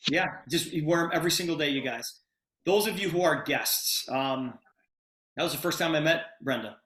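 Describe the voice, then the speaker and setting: Man host on a video call, pushy and enthusiastic, voice a little high, echoey room. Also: moderate pace, fairly bright tone. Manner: urgent, emphatic, enthusiastic. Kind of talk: sales pitch on a video call.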